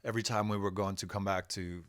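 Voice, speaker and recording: Low-voiced laid-back storyteller, man. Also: fairly even intonation, quick pace, fairly bright tone, dry recording, clean studio sound. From United States. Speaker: rock musician guest. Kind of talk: casual storytelling interview.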